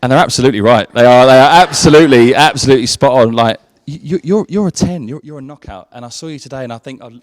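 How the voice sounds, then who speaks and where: A man's voice: medium pitch, fast talker, hardly any pauses, in a large hall. A man in his thirties speaks at a wedding reception as the groom. He talks informally and swears now and then. He restarts his sentences often and sounds emotional. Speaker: groom giving a wedding speech. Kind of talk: wedding speech.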